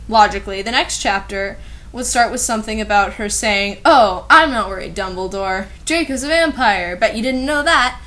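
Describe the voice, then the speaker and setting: Sarcastic young woman, slightly high voice. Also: fairly bright tone. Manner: sarcastic, exasperated asides. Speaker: commentary host reading a fan fiction aloud. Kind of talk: comedic dramatic reading with commentary.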